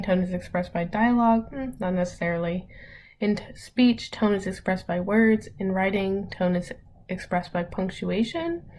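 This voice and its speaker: A young woman teacher records an online lesson in a relaxed, chatty way. She works through examples step by step and fills the pauses with ums. A faint hiss runs under the recording. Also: medium pitch, poor audio.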